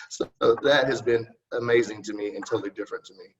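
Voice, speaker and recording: A middle-aged man with a lowish voice answers questions in a loose, folksy ramble, polite and unpolished. He sits back from the mic, and the sound is dull and muffled. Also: a little hiss or hum. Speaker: city council candidate. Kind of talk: casual interview answers. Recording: distant, muffled recording.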